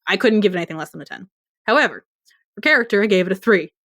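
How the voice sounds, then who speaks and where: A woman's voice: mid-range voice, animated, racing, a bit bright, no echo, clean studio sound. A woman co-hosting a podcast in casual chat, rambling and laughing often. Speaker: podcast co-host.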